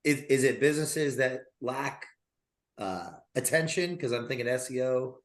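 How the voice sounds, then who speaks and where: A man's voice: medium pitch, normal speed. A man hosting a podcast, asking brief, friendly questions in a casual interview. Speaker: podcast host. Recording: echoey room.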